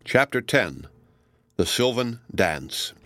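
A man reading a novel aloud as an audiobook narrator, with measured, even delivery. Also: medium pitch, dry recording. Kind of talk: scripted narration.

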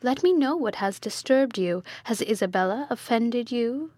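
A woman voicing a calm, devoted noble lady who speaks in a gentle, soothing way in an audiobook. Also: on the high side, moderate pace, no echo.

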